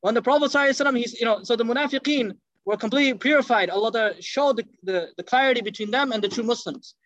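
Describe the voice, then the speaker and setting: A man giving an animated sermon, telling stories and acting out the people in them. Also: very high-pitched, rapid-fire, dry recording, lo-fi sound. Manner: animated, acts out quotes in dropped voices. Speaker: Islamic lecturer. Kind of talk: lively sermon storytelling.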